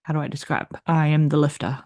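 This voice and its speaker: Woman podcast host, young adult, candid rambling monologue, low even voice, dry close sound. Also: dry recording. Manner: candid and rambling, with restarts and soft laughs. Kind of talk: personal confessional monologue.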